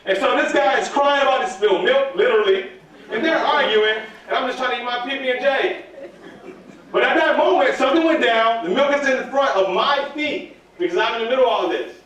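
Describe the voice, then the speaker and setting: Man, very high voice, storytelling workshop speaker, quizzes the audience, distant mic, echoey hall. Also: brisk, highs cut off. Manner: animated, calls for audience answers. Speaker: motivational speaker at student workshop. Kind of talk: storytelling talk to a live audience. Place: large hall at a live event.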